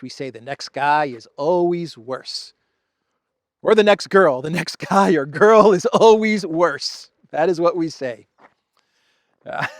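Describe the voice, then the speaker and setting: This show host, a man raised in Greece, talks alone and casually under the trees, stretching his words sardonically and laughing to himself. His pitch runs fairly high, and the studio-quality audio has no echo.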